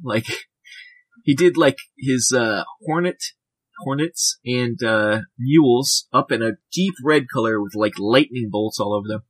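A man's voice: mid-range voice, measured pace, breathy edge, no room sound. A man co-hosting a podcast, chatting casually about the hobby with a rambling, jokey manner. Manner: rambling, filler-heavy, jokey. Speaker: podcast co-host.

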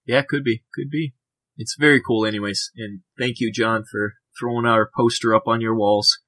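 A man's voice: medium pitch, steady tone, moderate pace, bright, forceful tone, no room sound. A man co-hosting a podcast, chatting casually about the hobby with a rambling, jokey manner. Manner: rambling, filler-heavy, jokey. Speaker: podcast co-host.

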